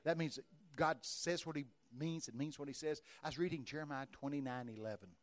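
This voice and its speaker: Male preacher with a slightly high voice, animated storytelling sermon, acts out dialogue and bursts into shouts. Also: fairly quick.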